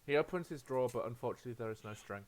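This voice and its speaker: A man running a tabletop role-playing game as game master. He narrates the scene and asks players for rolls, often pausing with ums and uhs. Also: mid-range voice, darkish tone, slight background noise. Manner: hesitant, with many ums and uhs.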